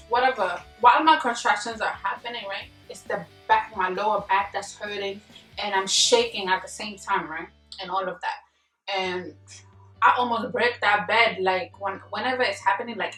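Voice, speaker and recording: A young woman vlogger telling a story casually and animatedly, full of slang and acted-out yelling. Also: mid-range voice. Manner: animated, slangy, acts out her own yelling. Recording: echoey room, mic at a distance, faint music.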